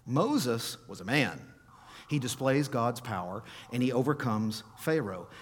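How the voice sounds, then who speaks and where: A man preaching a sermon, reading scripture aloud with feeling and emphasis, slowing for dramatic pauses. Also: medium pitch, sing-song, husky.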